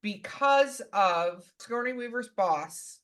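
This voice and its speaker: Woman, podcast co-host, bright tense voice, fairly high, animated chat. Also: slow. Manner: animated, enthusiastic storytelling. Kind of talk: casual chat.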